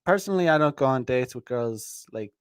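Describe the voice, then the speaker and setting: A man's voice: mid-range voice, expressive, a little fast, smooth, no room sound, studio quality. A man hosting a podcast, talking in a blunt, profane, rambling way with many restarts and fillers. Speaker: podcast host. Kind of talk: casual livestream monologue.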